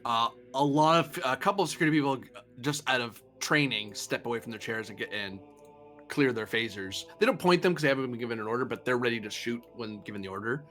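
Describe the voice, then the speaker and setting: A man's voice: medium pitch, fairly bright tone, soft background music. A man running a sci-fi tabletop game as game master, narrating scenes and rulings with frequent "uh" fillers and laughs. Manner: laughs often, fills pauses with uh. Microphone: streaming mic.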